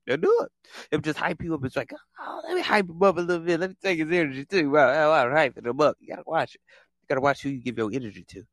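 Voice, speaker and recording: A man talks on his own in a casual podcast monologue, his voice sitting a bit high and swinging up and down a lot. He repeats his points and jumps into exaggerated impressions of other people. The sound is dry and close, with no room echo. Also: fairly bright tone. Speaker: podcast host.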